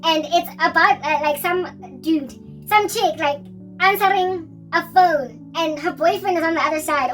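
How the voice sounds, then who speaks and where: A woman's voice: high-pitched, recorded from a distance. A woman rambling animatedly in a casual vlog chat, now and then breaking into snatches of song. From South Africa. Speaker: Christian vlogger.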